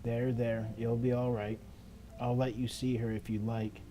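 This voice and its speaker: A man voicing an eerie little ghost girl in a game, speaking softly and low in a coaxing way. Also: flat delivery, measured pace, a little hiss or hum, lightly acted. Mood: creepy soothing. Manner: soft, low, hushed coaxing. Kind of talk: reading game dialogue aloud.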